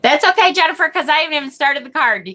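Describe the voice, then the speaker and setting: This woman talks fast and animatedly in a high, bright, forceful voice. She's hosting a live tarot stream, chatting casually and going through viewer comments, often sidetracked and cursing offhandedly when annoyed.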